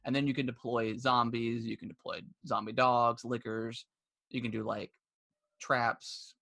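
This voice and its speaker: A man's voice: mid-range voice, little pitch movement, measured pace, gravelly, sharp tone. A man co-hosting a casual gaming podcast, rambling with many restarts and fillers, and laughing as he retells stories. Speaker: podcast co-host. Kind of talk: casual chat.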